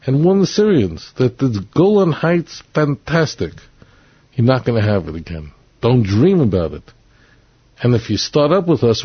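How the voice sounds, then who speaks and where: A man with a slightly husky voice delivers a blunt, emphatic monologue, hammering the same points again and again. The recording is dry and close, with a dull, lo-fi sound. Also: fairly low pitch, no echo. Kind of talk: opinionated monologue.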